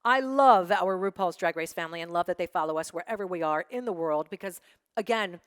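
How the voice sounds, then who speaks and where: A middle-aged woman reading tweets aloud to a live audience, with animated, joking, sassy asides. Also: lowish voice, a little fast, clear, resonant tone, in a large hall. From United States. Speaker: guest reading tweets on stage. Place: event space with audience.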